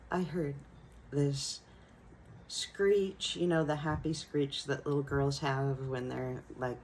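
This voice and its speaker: A woman who teaches young children, telling a personal classroom story in a gentle, reflective way. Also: very deep voice, slight background noise, low-quality recording. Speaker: elementary school teacher.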